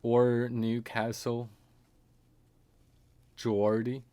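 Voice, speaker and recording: A man's voice: mid-range voice, completely flat delivery, drawn-out words, warm tone, smooth. A man streaming a game, chatting casually and often trailing off into muttered asides and chuckles. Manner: rambling, trailing off and muttering to himself. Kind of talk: casual live-stream commentary.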